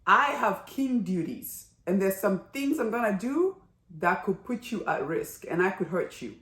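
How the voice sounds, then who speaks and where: A woman's voice: medium pitch, very animated, a little slow, a bit bright, reverberant. A woman voicing a shrewd, scheming male king, asking probing questions in a half-joking paraphrase. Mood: earnest.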